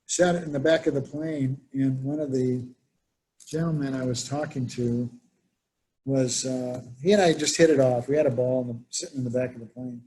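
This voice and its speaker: A man's voice: medium pitch, fairly even intonation, moderate pace, warm tone, a little hiss or hum. A man presenting a workshop, telling anecdotes and acting out the people he quotes. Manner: storytelling, acts out quoted voices. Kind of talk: conversational workshop talk.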